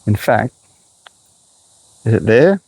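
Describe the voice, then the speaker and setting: Creaky, husky and a little mellow, this lowish male voice takes things slowly with big pitch swings, captured on a rough recording without echo. An Australian horticulturist, he chats to viewers directly while walking around a garden outdoors for his vlog, slightly out of breath.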